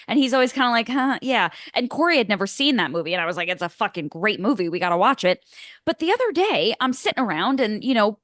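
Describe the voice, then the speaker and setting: A woman co-hosting a movie podcast, telling stories in a lively, animated way and acting out what people said. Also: medium pitch, no echo, studio quality. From United States. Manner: animated storytelling, swearing, acting out quotes. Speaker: podcast co-host. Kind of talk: casual chat.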